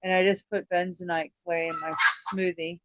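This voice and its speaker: A woman's voice: fairly low pitch, little pitch movement, normal speed, dull audio, noisy background. A woman hosting a casual livestream chat. She sounds tired, swears often and laughs easily. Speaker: livestream host.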